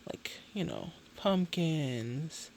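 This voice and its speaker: A woman in her thirties chatting casually as a beauty vlogger, animated and ranting, often tagging her points with "okay?". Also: low voice, drawn-out words, vocal fry, slight background noise. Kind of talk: casual chat.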